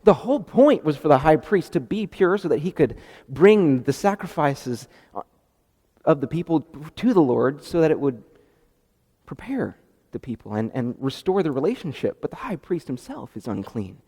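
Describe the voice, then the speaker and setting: A man preaching a sermon in a conversational, animated way, often restarting his sentences. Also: on the high side, normal speed, slightly rough, long reverb tail.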